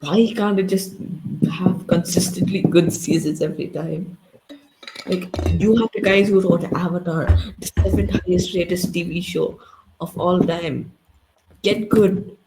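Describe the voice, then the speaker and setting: A man's voice: sits high, fairly even intonation, normal speed, noisy background. A young man co-hosting a casual review chat, ranting in a sarcastic, exasperated way. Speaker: co-host reviewer.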